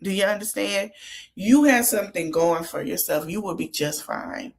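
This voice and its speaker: A woman's voice: medium pitch, moderate pace, gravelly. Chatty woman podcast host, motherly advice. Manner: chatty, gives motherly advice straight to the cast. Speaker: podcast host recapping a reality show. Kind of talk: casual recap chat.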